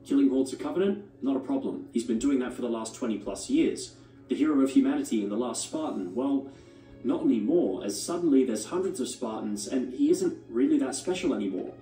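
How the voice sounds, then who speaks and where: Brief: male narrator, mellow tone, scripted essay read, distant echoey playback with faint music. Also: mid-range voice, expressive, a little fast. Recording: played through speakers, echoey and distant.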